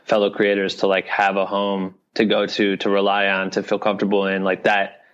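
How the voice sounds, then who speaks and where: Low flat-voiced man from Iowa. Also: brisk, clear, resonant tone. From Iowa, US Midwest. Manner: loose rambling talk full of fillers, "you know what I mean". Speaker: guest, video director and creator. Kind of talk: casual podcast interview. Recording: dull lo-fi podcast audio.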